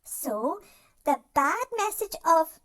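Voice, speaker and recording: A gentle, caring cartoon dog, voiced by a performer, offers self-help advice in scripted narration. The voice sits high and swoops with lively ups and downs. It speaks slowly and soothingly, addressing the listener directly. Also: exaggerated voice.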